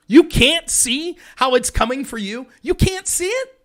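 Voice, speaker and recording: A man hosting a political commentary livestream, ranting in an animated, sarcastic way. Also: extremely high pitch, unhurried. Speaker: host.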